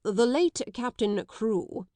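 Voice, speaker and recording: A woman's voice: fairly high pitch, lively intonation, slow, warm tone, no room sound. A woman reading an audiobook, voicing a dry, brusque middle-aged male solicitor with a clipped, disapproving manner.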